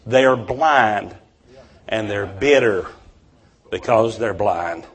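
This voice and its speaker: A man's voice: fairly low pitch, extremely slow. A man preaching a revival sermon, telling stories with fervent conviction.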